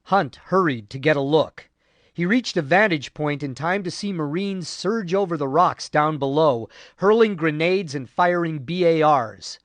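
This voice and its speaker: A man narrating a war history audiobook in a measured, grave way. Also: a little high, animated, no room sound. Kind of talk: scripted narration.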